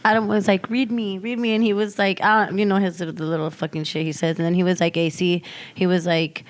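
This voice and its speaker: A young woman co-hosting a podcast, telling stories quickly and animatedly in casual chat, swearing freely. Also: fairly low pitch, fairly even intonation, dry recording. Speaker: podcast co-host.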